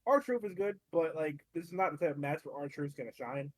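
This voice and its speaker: A man's voice: fairly high pitch, lively intonation, brisk, no room sound. A man co-hosting a podcast, talking casually with stammering restarts and swearing for emphasis. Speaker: podcast co-host. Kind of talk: casual chat.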